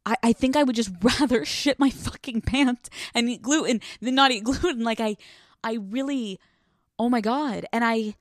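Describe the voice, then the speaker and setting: A woman's voice: fairly high pitch, a little mellow, no room sound. Profane, candid woman podcaster, dry close sound. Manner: candid, profane and self-mocking, with lots of fillers. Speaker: podcast host. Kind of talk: casual solo podcast rant.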